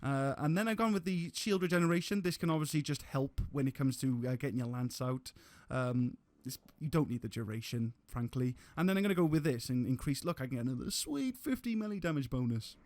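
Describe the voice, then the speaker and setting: A man's voice: mid-range voice, expressive, a little fast, few pauses, a little mellow, dry recording. A man giving casual gameplay commentary on a live stream, rambling with restarts and casual swearing.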